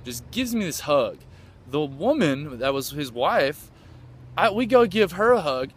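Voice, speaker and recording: A man from the United States enthusiastically recounts a trip, rambling casually with lots of fillers and restarts. His voice is a little high and sing-song, at a measured pace. There's slight background noise.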